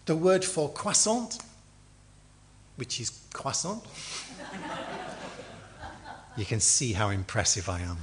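A man's voice: lowish voice, huge pitch swings, slow, pauses often, a little hiss or hum. A middle-aged man from England preaching a sermon, telling stories with acted quotes and dry humor.

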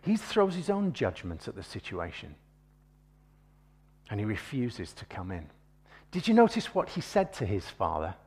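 A man preaching a sermon, shifting between hushed, gentle passages and loud, emphatic points. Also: fairly low pitch, wildly swooping pitch, normal speed, pauses often, slightly rough.

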